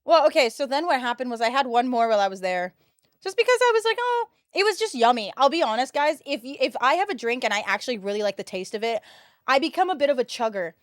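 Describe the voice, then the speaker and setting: A 22-year-old American woman livestreams, telling stories to her viewers in casual, slangy chat with an animated, chatty manner. Her voice is a little high and she talks fast, recorded dry at studio quality.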